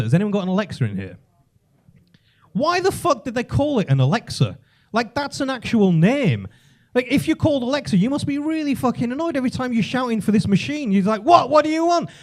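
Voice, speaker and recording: High-voiced English man telling profane jokes. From England. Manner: profane, animated storytelling with shouted punchlines. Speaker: stand-up comedian. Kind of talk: stand-up comedy set. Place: comedy club stage.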